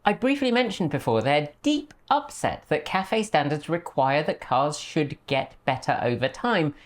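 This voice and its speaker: A woman's voice: deep voice, expressive, unhurried. A woman hosting a commentary video, talking in a sarcastic, dryly mocking way. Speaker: host.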